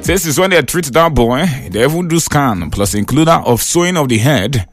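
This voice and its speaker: Male radio host, Nigerian accent, raised pitch, chatty tag-heavy delivery over light music bed. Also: lively intonation, moderate pace. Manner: relays callers' news with constant "eh?" tags. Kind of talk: Nigerian Pidgin radio talk.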